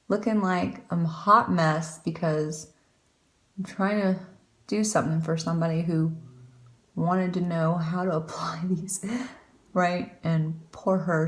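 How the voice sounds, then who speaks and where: A woman chatting casually through a makeup tutorial, rambling and poking fun at herself. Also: lowish voice. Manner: chatty, rambling, self-deprecating. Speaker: beauty vlogger.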